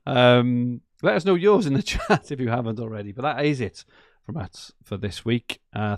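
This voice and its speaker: This is a male podcast host with a medium-pitched voice, recorded at studio quality without room sound. He chats casually and with enthusiasm, rambling and laughing often.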